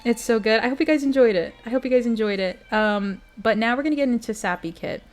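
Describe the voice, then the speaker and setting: A woman's voice: a little high, fast, faint music behind. A young adult woman streamer reading a bedtime story and chatting with her viewers, earnest and emotional.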